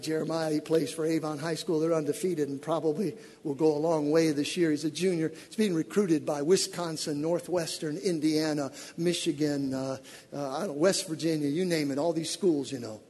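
A middle-aged man preaching a sermon, swinging between loud shouted exhortation and low, conversational storytelling. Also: steady tone, normal speed, husky. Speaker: pastor. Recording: long hall reverb.

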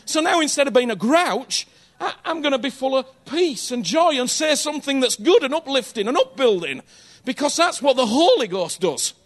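A man's voice: very high-pitched, big pitch swings, moderate pace. A man preaching a sermon in a conversational, earnest way, often checking in with his listeners and repeating phrases for emphasis.

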